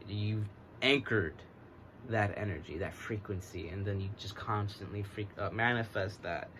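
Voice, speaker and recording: An American man reading oracle cards in a relaxed, rambling way, speaking in a put-on English accent that he uses to get through a stutter. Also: fairly low pitch, a little hiss or hum. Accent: American trying an English accent. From United States. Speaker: oracle card reader. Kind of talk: casual divination reading.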